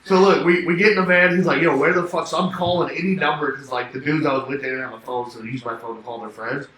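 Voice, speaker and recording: A man's voice: a little high, quick pace, slight background noise. A young man telling a rambling party story in casual chat, swearing and laughing, acting out both sides of phone calls. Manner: swearing, laughing, animated anecdote with quoted dialogue. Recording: echoey room with faint ambience.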